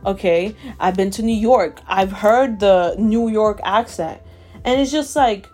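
A woman's voice: medium pitch, measured pace, darkish tone, soft background music. A woman with a Southern American accent hosting a solo podcast, ranting emphatically and repeating herself for emphasis. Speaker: podcast host.

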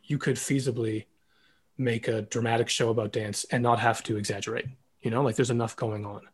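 A man's voice: medium pitch, fairly even intonation, a little fast, breathy edge. A man hosting a podcast, talking casually and reflectively with a guest. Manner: talkative, reflective, many "like" fillers. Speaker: podcast host, former ballet dancer.

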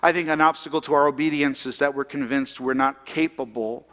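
A man's voice: mid-range voice, fairly even intonation, fairly quick, fairly bright tone, big-room sound. A man preaching a sermon in a conversational way, asking the congregation questions. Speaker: pastor.

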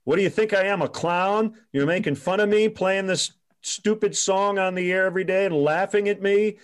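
A man impersonating a raging veteran baseball announcer, voice pitched up high and loud, berating someone in an indignant tirade, with sharp accusing questions thrown one after another. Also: moderate pace, clean tone, close to an everyday voice. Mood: furious. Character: gruff veteran male baseball announcer, furious.

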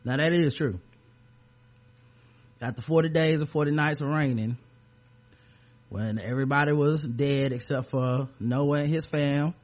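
A man hosts a loose comedy podcast, joking and sarcastic as he rambles. His voice sits on the higher side. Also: measured pace, pauses often. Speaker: podcast host. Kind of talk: casual comedic podcast chat.

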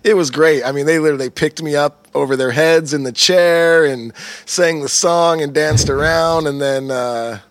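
A man in his thirties, a touring musician, tells stories in a casual, animated and profane way, laughing as he goes. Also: fairly high pitch, moderate pace, no room sound. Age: 30s. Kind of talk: casual storytelling chat.

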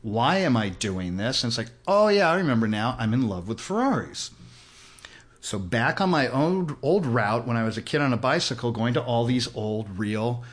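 A man in his sixties from Los Angeles, talking at an ordinary mid pitch. He tells casual stories as a podcast guest. He jumps into the voices of the people in his anecdotes. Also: expressive, normal speed. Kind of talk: casual storytelling. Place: host's house.

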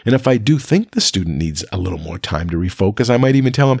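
A man explaining classroom de-escalation to fellow educators in a calm, explanatory way, checking in with the occasional "right?". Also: medium pitch, fast talker, gravelly, few pauses, no room sound, studio quality. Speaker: teacher. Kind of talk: instructional talk to educators.

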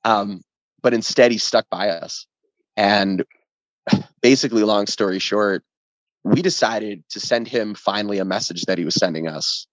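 Animated storytelling man, lo-fi sound. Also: fairly low pitch, measured pace, no echo. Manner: animated, acts out quoted voices, swears freely. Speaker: band member guest. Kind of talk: casual podcast storytelling. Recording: dull lo-fi dry sound.

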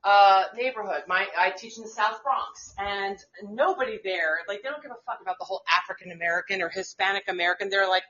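A woman, a teacher co-hosting a casual podcast, talking in an outspoken, animated, profane way. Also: medium pitch, fairly quick. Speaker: co-host, teacher. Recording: dull lo-fi audio.

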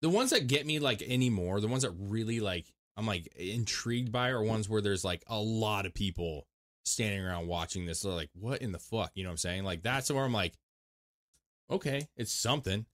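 A man's voice: lowish voice, expressive, fairly quick, fairly bright tone. A man co-hosting a casual podcast, rambling with lots of filler words and casual swearing. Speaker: podcast co-host. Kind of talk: casual chat.

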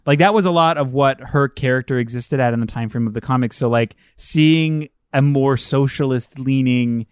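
A man co-hosting a podcast, chatting casually and enthusiastically, full of fillers and quick asides. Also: medium pitch, clear, resonant tone, no echo, studio quality. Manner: enthusiastic, rambling with many fillers. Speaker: podcast co-host. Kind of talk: casual chat.

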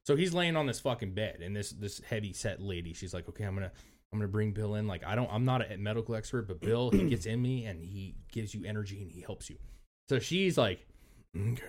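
Profane, animated male podcast co-host. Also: on the low side, fairly quick. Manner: animated storytelling, profane, acts out quoted voices. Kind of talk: casual chat.

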